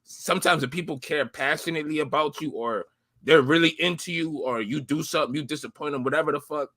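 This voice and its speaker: A man's voice: fairly high pitch, fast talker, a bit bright. A man co-hosting a podcast, talking in a casual, profane and teasing way. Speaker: podcast co-host. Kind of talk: casual rant chat.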